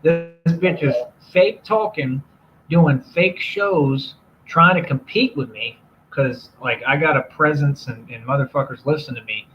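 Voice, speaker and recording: A man's voice: on the high side, measured pace, a little hiss or hum. A man hosting a livestream, ranting in a brash, profane, casual way. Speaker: livestream host. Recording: dull lo-fi stream audio with music.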